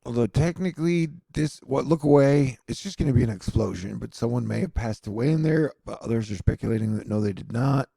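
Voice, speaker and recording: Gravelly sardonic man vlogging news. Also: medium pitch, expressive, brisk, hardly any pauses, dark tone, no room sound. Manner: sardonic, rambling, self-mocking asides. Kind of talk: casual rambling news commentary.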